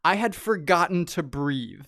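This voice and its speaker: A man's voice: fairly high pitch, measured pace. A man from California telling a story in casual chat, acting out quotes and laughing often. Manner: animated, acts out quotes in raised voice, laughs often.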